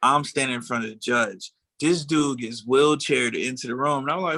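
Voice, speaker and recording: A man in his forties telling a long story in casual chat, acting out what people said with animated delivery. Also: medium pitch, moderate pace, no room sound. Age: 40s. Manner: animated storyteller, acts out quotes. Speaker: podcast co-host.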